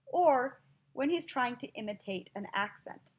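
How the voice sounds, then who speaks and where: A woman from Utah teaching a classroom listening lesson in a slow, clear, explanatory manner. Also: a little high, expressive.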